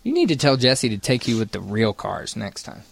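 A man's voice: lowish voice, very animated, moderate pace, creaky. A man hosting a morning radio show, teasing his co-hosts and reading out light news items.

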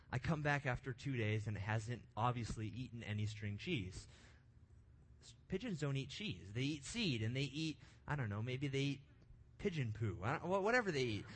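A young adult man telling a self-mocking story to a live audience, animated, swinging between loud bursts and hushed asides. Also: medium pitch.

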